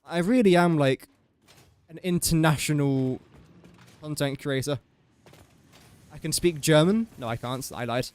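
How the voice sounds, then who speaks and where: A man's voice: on the high side, moderate pace, long pauses. A young man casually commentating his gameplay on a livestream, chatty and joking at his own expense. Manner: chatty, self-mocking, joking asides. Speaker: gaming livestreamer.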